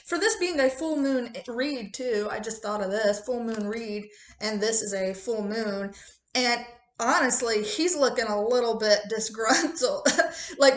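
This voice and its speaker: A woman's voice: a little high, echoey room. A chatty woman with a rural American accent, reading tarot cards in a casual, joking, profane way. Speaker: tarot reader.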